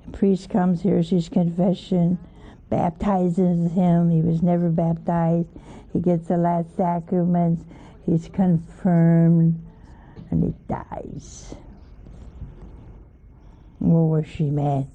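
A woman's voice: on the low side, little pitch movement, takes it slowly, dark tone. A woman giving an informal sermon in a folksy, questioning way, with chuckling asides. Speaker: religious teacher. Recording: tinny phone-like old recording.

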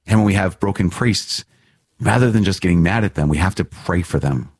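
A man's voice: deep voice, fairly quick, husky, no room sound. A male priest closing a podcast episode with an earnest, prayerful talk.

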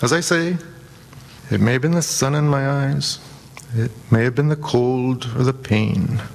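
Slow, solemn male reader. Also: medium pitch, creaky, darkish tone, big-room sound, slight background noise. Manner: measured, solemn. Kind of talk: slow scripted reading and prayer.

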